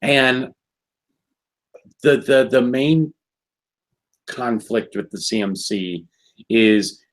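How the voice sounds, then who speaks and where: A man's voice: medium pitch, drawn-out words, rough recording. A man on a casual review podcast, talking in a laid-back, hesitant way with lots of fillers. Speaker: podcast co-host reviewing a cartoon episode. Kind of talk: casual chat.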